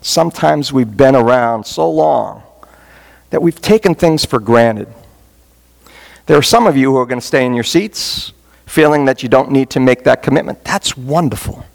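A man's voice: medium pitch, normal speed, gravelly. A man preaching as a pastor in a church, giving an earnest, folksy altar call with touches of humor. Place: church sanctuary.

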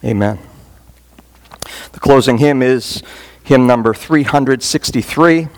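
A man's voice: mid-range voice, measured pace. A man preaching as a pastor in a church, giving an earnest, folksy altar call with touches of humor. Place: church sanctuary.

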